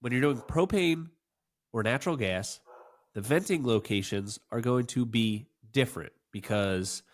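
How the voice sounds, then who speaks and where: A man's voice: medium pitch, a little slow. A man co-hosting a podcast in casual chat, sounding nasal and congested from a cold, joking and quizzing his co-host. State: congested, sick voice.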